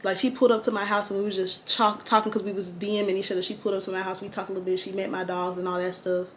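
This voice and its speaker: A young woman chatting slangily through a get-ready-with-me storytime, animated and candid. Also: mid-range voice, very fast, a little hiss or hum. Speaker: vlogger.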